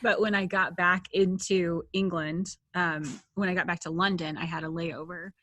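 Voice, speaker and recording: Female podcast co-host, lowish voice, relaxed storyteller, dry close sound. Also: normal speed, no room sound. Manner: relaxed storytelling, laughs at her own stories. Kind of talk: casual chat.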